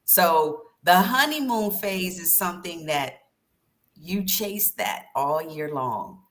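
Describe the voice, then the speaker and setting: Bright, lively woman telling stories. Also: fairly low pitch, slow pace. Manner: lively storyteller acting out voices. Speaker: guest author and former teacher. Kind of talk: livestream interview.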